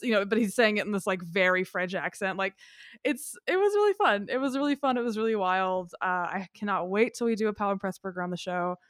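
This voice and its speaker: A woman's voice: mid-range voice, no room sound, studio quality. A woman co-hosting a podcast, talking about films in an enthusiastic, rambling way full of fillers. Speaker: podcast co-host. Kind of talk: casual film chat.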